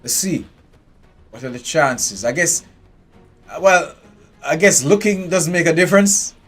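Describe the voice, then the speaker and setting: A man's voice: on the high side, unhurried, fairly bright tone, faint music behind. Chatty man streaming a game. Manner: chatty, talks to his game characters. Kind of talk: live gameplay commentary.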